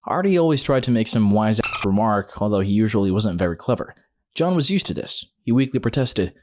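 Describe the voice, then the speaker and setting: A man's voice: on the low side, animated, a little fast, darkish tone. A man narrating a series of online stories in a scripted read-aloud style, speaking quoted lines in his own voice. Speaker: story narrator.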